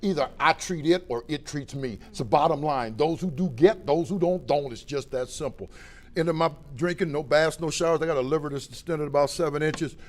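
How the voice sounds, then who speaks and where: A middle-aged man from Ohio, giving a plain-spoken personal testimony at a recovery meeting, swinging between loud and quiet. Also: fairly high pitch, a little fast. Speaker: recovery speaker.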